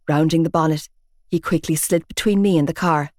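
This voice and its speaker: A woman's voice: sits low, fairly even intonation, a little fast, a little mellow, no room sound, clean studio sound. Woman reading an audiobook with heat. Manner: emotive, heated reading. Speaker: audiobook narrator. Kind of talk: scripted first-person audiobook narration.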